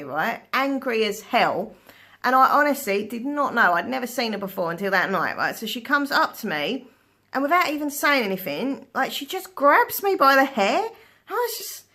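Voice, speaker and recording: Bright, chatty woman vlogging. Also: fairly high pitch. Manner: chatty, animated, laughs often, swears casually. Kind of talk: casual storytelling chat. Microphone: phone.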